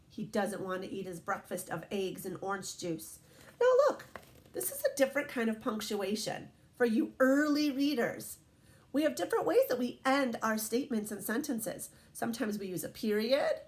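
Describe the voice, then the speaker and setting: Animated woman teacher reading to kids. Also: fairly high pitch. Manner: gentle, encouraging, asks children questions. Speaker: teacher reading picture books to children. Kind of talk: storybook read-aloud lesson.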